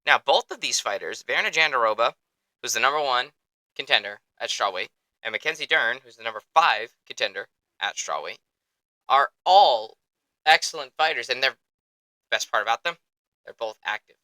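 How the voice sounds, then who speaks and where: A young man hosting a sports podcast in an excitable, rambling, profane way, close to the mic. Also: medium pitch, normal speed, no room sound, low-quality recording. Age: young adult. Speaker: podcast host. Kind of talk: casual chat.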